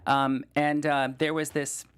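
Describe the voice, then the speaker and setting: A man's voice: a little high, little pitch movement, a little slow, fairly bright tone, clear, resonant tone. A man in his thirties tells a comic story as a guest. He rambles, pads his sentences with fillers and pokes fun at himself throughout. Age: 30s. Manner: rambling and self-deprecating, with many fillers. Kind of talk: comedic storytelling.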